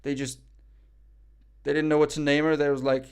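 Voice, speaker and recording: A man's voice: fairly high pitch, flat delivery, normal speed, darkish tone, smooth. A man streaming live, reacting in casual chat; cocky, joking, profane and rambling.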